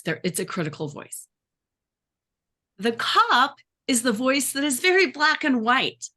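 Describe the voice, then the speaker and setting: A life coach teaching a workshop, lively and acting out the voices she describes. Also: high-pitched, unhurried. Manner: animated, acts out inner voices.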